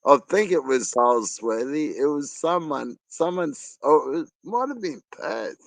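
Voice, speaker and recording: Man, gravelly, slow, dry sound, laughs a lot. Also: a little high, lively intonation, dry recording. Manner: laughs often, crude banter. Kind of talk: casual live chat.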